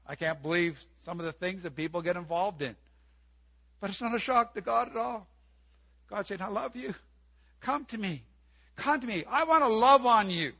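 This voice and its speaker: A man's voice: sits high, sharp tone. An older man preaching an earnest sermon in church, repeating key phrases and quoting scripture. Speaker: pastor.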